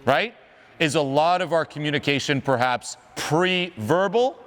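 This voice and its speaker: A man's voice: a little high, animated, a little slow, fairly bright tone. A man coaching on social skills in an emphatic motivational talk, asking the audience questions.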